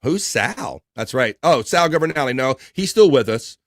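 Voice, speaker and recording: A man's voice: medium pitch, animated, moderate pace, dry recording, clean studio sound. A man hosting a casual livestream from the US East Coast, reading chat messages aloud and chatting loosely with lots of filler words. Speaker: live stream host reading chat.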